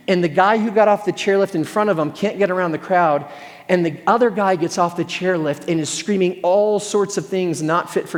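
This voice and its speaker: A man preaching a sermon in a church hall, telling stories in an animated, conversational way with self-deprecating humor. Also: high-pitched. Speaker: pastor. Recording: long hall reverb.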